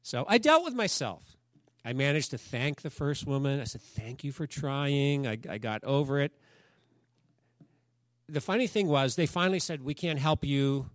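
A man's voice: medium pitch, big pitch swings, moderate pace, no echo, clean studio sound. A man preaching a sermon, talking in a conversational storytelling way and asking the congregation questions. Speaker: pastor.

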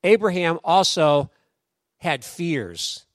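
A man preaching a sermon in a conversational, animated storytelling way, acting out quoted voices. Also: fairly high pitch, slow pace, no echo, studio quality. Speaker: pastor.

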